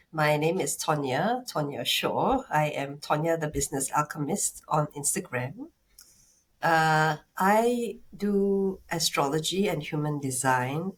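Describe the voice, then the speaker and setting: A woman co-hosting a casual podcast chat, speaking in a calm, grounded way. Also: low voice, breathy edge. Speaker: podcast co-host.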